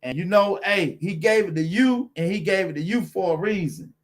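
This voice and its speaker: A man's voice: high-pitched, normal speed. A man hosting a car channel live stream, chatting with viewers in a laid-back, encouraging way and greeting them by name.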